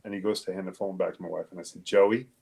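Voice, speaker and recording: A police detective telling a personal story in a halting, candid way, swearing casually. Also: male voice, deep voice, flat delivery, vocal fry, a little mellow, slightly rough. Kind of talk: conversational storytelling.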